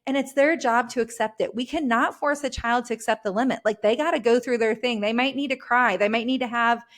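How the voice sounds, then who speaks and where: A woman guest on a podcast, a parenting educator and author, explaining in a measured way with frequent "like" fillers. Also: on the high side.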